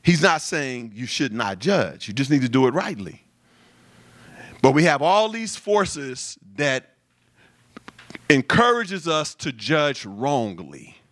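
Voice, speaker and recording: A man's voice: mid-range voice, slow pace, no room sound. A man preaching a sermon, repeating phrases and calling out to the congregation. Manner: lively preaching with repetition and call-and-response. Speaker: pastor.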